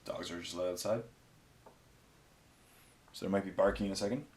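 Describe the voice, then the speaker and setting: At home near a garage, a tired man hosts his miniature-painting channel, chatting casually as he paints in a rambling, offhand, self-amused manner. His voice is low-pitched and a little mellow at a moderate pace, with a roomy echo.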